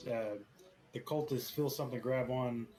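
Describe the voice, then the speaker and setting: A man narrating as game master of a tabletop role-playing game, relaxed and full of hesitations. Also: mid-range voice, moderate pace, low-quality recording. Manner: relaxed, hesitant with many fillers.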